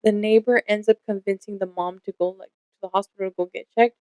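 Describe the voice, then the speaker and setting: A woman's voice: medium pitch, steady tone, fast, a little mellow, dry recording, rough recording. A young woman co-hosting a casual podcast, telling stories candidly and swearing freely, acting out the lines of the people in them. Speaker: podcast co-host.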